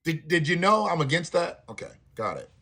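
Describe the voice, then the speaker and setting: A man hosting a live stream, ranting in a profane, animated way with laughing asides. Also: a little high, fairly quick. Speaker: livestream host. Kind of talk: live commentary rant.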